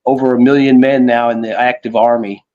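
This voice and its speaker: A man's voice: medium pitch, little pitch movement, a little fast, a little mellow. A man in casual political chat, talking in a loose, rambling way with frequent fillers and casual swearing. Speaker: podcast co-host. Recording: slightly dull lo-fi audio.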